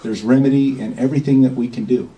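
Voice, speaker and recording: A man's voice: mid-range voice, steady tone, fast, distant mic, lo-fi sound. A man giving an informal, rambling talk to a small group, often checking in with "okay?". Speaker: speaker at a meeting.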